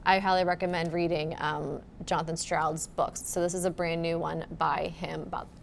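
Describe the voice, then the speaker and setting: A woman, a children's librarian co-hosting a casual chat about books, talking in a relaxed way full of fillers, recorded in a library. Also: low voice, moderate pace, vocal fry, a little hiss or hum. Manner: relaxed, lots of "like" and "you know" fillers. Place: public library.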